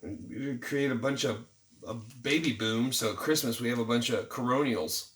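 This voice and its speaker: A man's voice: medium pitch, moderate pace, fairly bright tone, slight background noise. Sarcastic man ranting, roomy sound. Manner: mocking, irritated, jokey asides. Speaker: vlogger. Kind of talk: sarcastic news commentary rant. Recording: roomy, distant from the mic.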